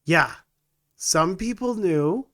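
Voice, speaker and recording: A man's voice: sits high, animated, takes it slowly, fairly bright tone. Sarcastic male podcast co-host. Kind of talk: podcast chat, reading news aloud.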